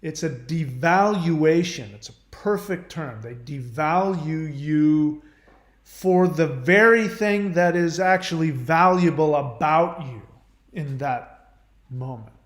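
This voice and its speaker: A man speaks in an earnest, emphatic monologue, stopping and restarting as he goes. His voice sits a little high for a man. The room is echoey around him. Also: takes it slowly. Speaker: channel host. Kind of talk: personal monologue.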